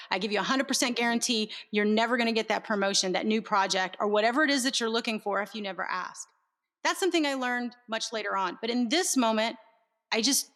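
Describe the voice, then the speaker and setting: A woman's voice: on the high side, fairly bright tone. A middle-aged woman, a guest on an interview show, telling a candid personal story with earnest, emphatic repetition.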